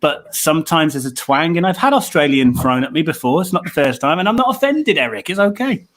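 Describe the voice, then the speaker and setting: A man's voice: a little high, expressive, a little fast. A man from near Coventry with a mild English Midlands accent, chatting casually as a guest on a video call, rambling and restarting often. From England, near Coventry. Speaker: documentary filmmaker guest.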